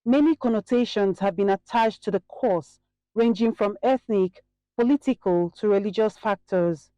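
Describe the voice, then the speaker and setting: A woman reads a news report voice-over at an even, measured pace. Her voice is mellow, recorded dry, and sounds slightly dull. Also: medium pitch, dry recording. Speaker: news correspondent.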